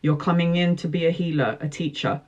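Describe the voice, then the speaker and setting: A woman's voice: lowish voice, little pitch movement, a little fast, dull audio, noisy background. A woman in her forties, a tarot reader, talking live to viewers and answering their questions in an earnest, emphatic, motivational way, repeating slogans.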